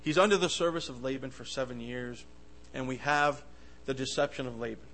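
A man preaching a sermon with passion, swinging between loud bursts and soft asides, often stammering and restarting his words. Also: medium pitch, a little fast, slight background noise, low-quality recording.

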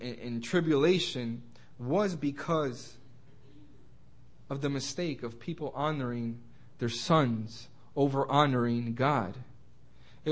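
A young man with a slightly raised voice gives an informal Bible study sermon. He trips over his words and restarts often. When he quotes scripture, he slows down and leans on it. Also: a little high. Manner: halting, many restarts and repeated words. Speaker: Bible teacher.

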